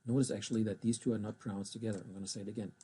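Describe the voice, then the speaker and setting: A man teaching German, spelling out abbreviations and pronouncing German words slowly and carefully between English explanations. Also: fairly low pitch, steady tone, dark tone, husky. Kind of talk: recorded language lesson.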